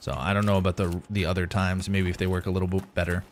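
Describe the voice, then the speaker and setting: A man's voice: low-pitched, little pitch movement, quick pace, a little hiss or hum. A young man streaming a survival game live, chatting casually with viewers as he plays. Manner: casual, rambling, talks to chat while playing. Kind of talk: live gameplay commentary.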